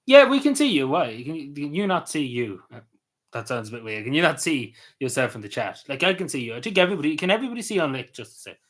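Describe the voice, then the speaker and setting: A man's voice: mid-range voice, expressive. Hesitant man with a Cavan Irish accent. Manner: halting and hesitant, trailing off quietly at ends of phrases. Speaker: livestreamer. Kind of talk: casual live-stream chat answering comments.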